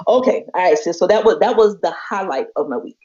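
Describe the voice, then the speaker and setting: A woman's voice: on the low side, brisk. A woman, casually telling a personal story on a podcast and acting out the voices of the people in it. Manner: animated, acts out quoted voices. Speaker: podcast co-host. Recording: slightly muffled lo-fi audio.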